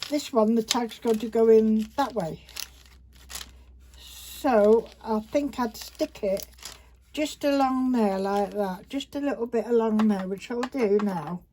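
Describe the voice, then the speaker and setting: A woman talks her way through a paper craft project, chatty and rambling, now and then talking to herself. Her voice sits a little high with a soft, mellow tone. It is recorded on a phone at a craft table, with faint background hiss and the crinkle of paper. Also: slow pace. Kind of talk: casual craft tutorial chat. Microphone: phone camera.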